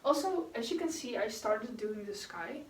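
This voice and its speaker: Young woman, rambling and chatty, a bit high, roomy echo, heard from across the room. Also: lively intonation, moderate pace, distant mic, a little hiss or hum. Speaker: vlogger. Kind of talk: casual chat while painting. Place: room at home. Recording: echoey room, voice off-mic.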